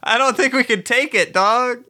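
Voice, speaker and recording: A man's voice: very high voice, normal speed, pushed and bright. A man playing in a tabletop game, talking earnestly and asking pointed questions. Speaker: player. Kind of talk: casual tabletop play.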